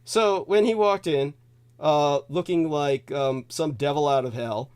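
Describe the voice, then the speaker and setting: A man's voice: fairly high pitch, sing-song, measured pace, fairly bright tone. A male host telling a long personal story in a digressive, repetitive way, chuckling now and then. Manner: digressive, repeats himself, chuckles as he tells it. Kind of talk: rambling spoken storytelling.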